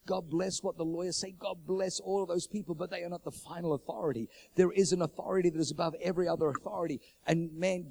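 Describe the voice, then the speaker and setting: A middle-aged pastor preaches from the pulpit and tells his stories with a lot of animation. His voice sits a little high for a man. When he quotes other people, he acts out their voices, and his pitch jumps around. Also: creaky, darkish tone, slight background noise. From New Zealand. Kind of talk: sermon storytelling.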